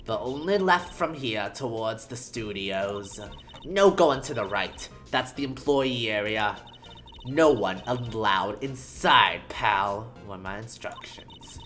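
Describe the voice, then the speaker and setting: A woman's voice: extremely low pitch, expressive, takes it slowly, fairly bright tone, faint music behind, exaggerated voice. A woman voicing a snooty, stern female security guard in a video game, with a haughty, clipped and dismissive delivery.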